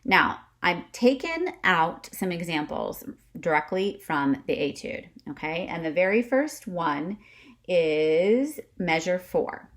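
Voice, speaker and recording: In an instrumental lesson filmed for camera, a woman with a fairly low, animated voice speaks slowly and chattily. She keeps checking in with "okay?" and huffs briefly to demonstrate breath kicks.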